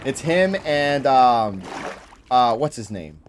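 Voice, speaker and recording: A man with a Boston accent hosting a gaming livestream, chatting in an animated, joking way. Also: mid-range voice, slow pace, a little hiss or hum. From Boston area. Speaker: livestream host. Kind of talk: casual chat.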